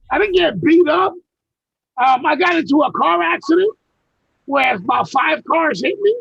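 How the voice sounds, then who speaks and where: A man with a high, gravelly voice tells rough, profane stories from his life as a guest in a casual video call chat, rambling and restarting many times. The video call mic yields a muffled recording with no echo.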